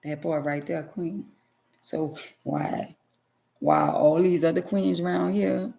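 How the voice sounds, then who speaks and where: A woman's voice: sits low, little pitch movement, slow pace, vocal fry, warm tone. A middle-aged woman vlogger giving an emotional personal testimony to her viewers, emphatic and preachy, repeating phrases for stress.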